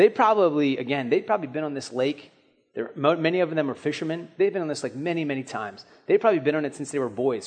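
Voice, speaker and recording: A young man preaching a sermon in a casual, storytelling way, acting out quick asides and questions. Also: on the high side. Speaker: pastor.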